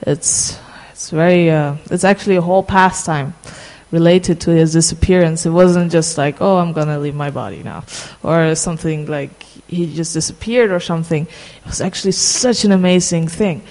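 A casual storyteller recounting a sacred tale, pausing on fillers and stretching out key phrases. The voice sits at a middling pitch. A long reverb trails behind every word. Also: fairly even intonation, a little mellow. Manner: halting, many fillers and restarts, slows for emphasis.

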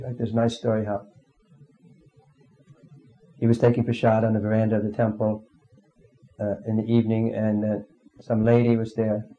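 Mellow-voiced man giving a halting devotional talk. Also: medium pitch, slight background noise, low-quality recording. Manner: halting, with frequent ums and throat-clearing. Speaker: spiritual teacher.

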